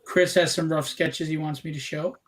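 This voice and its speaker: A man's voice: on the high side, level tone, moderate pace, a crowd in the background. A man hosting a casual live stream, chatty and upbeat, joking about himself as he shows viewers' art. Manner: chatty and upbeat, self-mocking. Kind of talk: casual chat.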